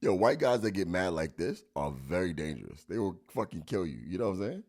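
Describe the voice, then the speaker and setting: A man hosting a podcast, joking and animated. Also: sits low, fairly quick. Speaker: podcast host. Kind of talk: casual podcast chat.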